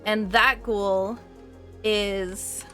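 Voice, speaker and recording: A woman's voice: medium pitch, steady tone, extremely slow, pushed and bright, soft background music. A woman playing a game live and explaining it as she goes, chatty and laughing often, with plenty of fillers. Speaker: speedrun player. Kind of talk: live gameplay commentary.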